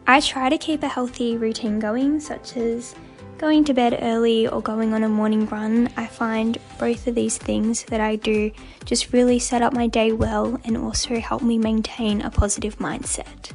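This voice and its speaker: Steady flat-voiced woman. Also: a little high, moderate pace, faint music behind. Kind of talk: reflective spoken segment.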